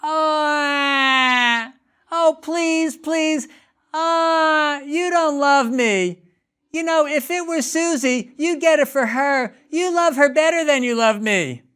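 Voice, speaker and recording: A man's voice: extremely high pitch, normal speed, few pauses, pitched above the performer's own voice. Man doing a whiny, pleading little boy. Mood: wailing. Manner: begging, repeating words, near tears.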